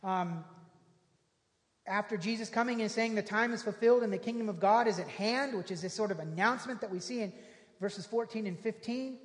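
A pastor delivers a sermon at a middle pitch, moving between scripture reading and loose, emphatic asides. Rhetorical questions land with punch. The voice rings with a long reverb, as in a large church hall. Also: fairly quick.

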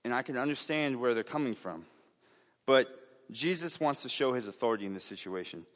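A man's voice: medium pitch, expressive, fairly quick. A young man preaching a sermon in an earnest, conversational way, often restarting his sentences and making asides. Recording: reverberant hall.

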